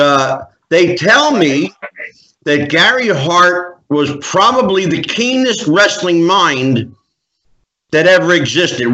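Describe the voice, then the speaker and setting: A male radio host interviews his guest, slow and measured, his pitch lively. His tone is bright. The audio is dull and lo-fi. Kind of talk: interview questions.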